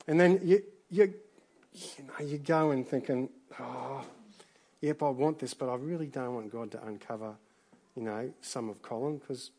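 Animated, conversational preacher. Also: male voice, mid-range voice, normal speed, breathy edge. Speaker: pastor. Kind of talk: sermon.

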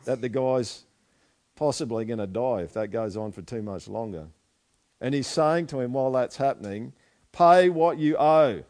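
Male pastor, conversational sermon, fond of quiet asides and questions to the room. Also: medium pitch. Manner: chatty, asks the listeners questions, drops to quiet asides.

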